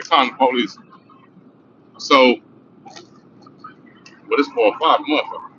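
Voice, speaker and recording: A man's voice: mid-range voice, normal speed, pauses often, bright, forceful tone. A middle-aged man from Los Angeles telling a profane, rambling street story on a livestream. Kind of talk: casual storytelling. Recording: dull lo-fi sound with faint noise.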